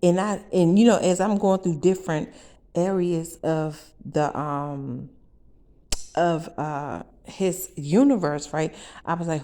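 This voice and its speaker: A woman telling a wild first-person story for a vlog, brash and profane, with loud bursts and asides to her viewers. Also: low-pitched, takes it slowly.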